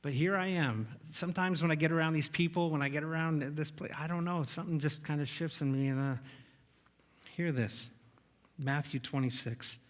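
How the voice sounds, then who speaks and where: A man's voice: fairly high pitch, normal speed. A man preaching a sermon to his congregation in a church, conversational and often checking in with the room. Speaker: pastor. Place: church sanctuary. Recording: reverberant church hall.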